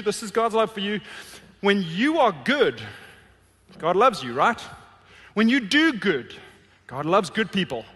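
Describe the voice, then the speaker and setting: A male pastor preaches with real emphasis, his voice climbing high and then dropping to a hush. The tone is bright and ringing. It carries with a long reverb through a large church sanctuary. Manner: emphatic, swings from loud to hushed. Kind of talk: sermon with object lesson.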